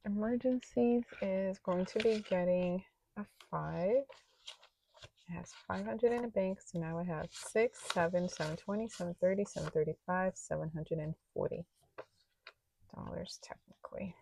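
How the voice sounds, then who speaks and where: A woman's voice: fairly low pitch, normal speed, gravelly, darkish tone, a little hiss or hum. A woman vlogger chatting casually while counting cash into budget envelopes aloud, sometimes dropping to a near-whisper.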